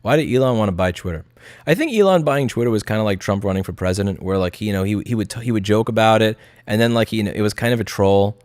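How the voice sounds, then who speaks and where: A man's voice: lowish voice, fast, a little mellow, no room sound, clean studio sound. A man chatting casually on a live stream, blunt and profane, slipping into mocking impressions of others. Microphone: studio mic.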